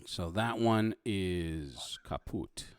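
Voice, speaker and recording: A man running a tabletop game as game master, casual and halting, with lots of fillers and restarts. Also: low-pitched, lively intonation, smooth, dry recording, studio quality.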